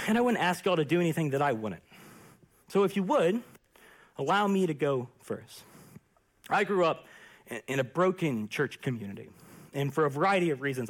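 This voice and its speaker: A young adult man preaching a sermon, earnest and impassioned, dropping to a hush at times. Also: fairly high pitch. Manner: earnest and impassioned, with hushed quiet passages. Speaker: pastor.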